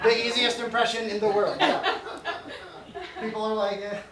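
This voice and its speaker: A man's voice: high-pitched, level tone, moderate pace, over a noisy crowd. A male stand-up comedian on stage, rambling through absurd bits and laughing at his own jokes.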